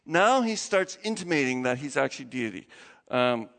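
A man's voice: big pitch swings, normal speed, vocal fry, fairly bright tone. A man preaching a sermon in a conversational way, acting out the quotes he tells. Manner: conversational, acts out quotes with big pitch jumps. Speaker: pastor. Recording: reverberant hall.

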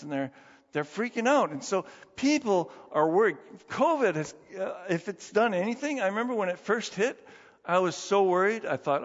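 Middle-aged male pastor, lively conversational sermon, fairly high voice, dull reverberant hall sound. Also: moderate pace. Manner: animated, conversational, with laughs and rhetorical questions.

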